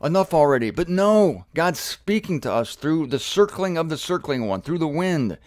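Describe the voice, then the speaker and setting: A man teaching from scripture in an energetic, animated way, repeating words for emphasis and getting excited. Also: on the high side, unhurried, no room sound, studio quality. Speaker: Bible teacher.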